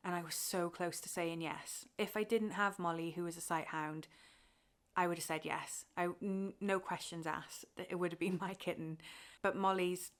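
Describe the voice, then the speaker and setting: A woman's voice: lowish voice, steady tone, moderate pace. A young woman from Wales chatting casually to camera about her cross-stitch, talking openly and getting emotional, with fillers and laughs.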